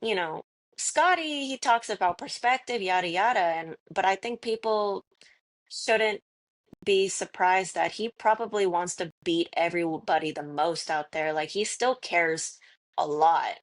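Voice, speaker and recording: Brief: young woman guest, earnest and halting, lowish voice. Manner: earnest, halting, many fillers and restarts. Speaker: guest, professional golfer. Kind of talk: casual interview talk.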